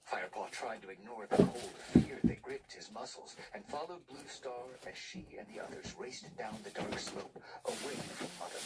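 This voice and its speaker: A man reading a novel aloud in a hushed, breathy whispered storytelling voice. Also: medium pitch. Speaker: narrator. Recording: distant mic with loud background noise.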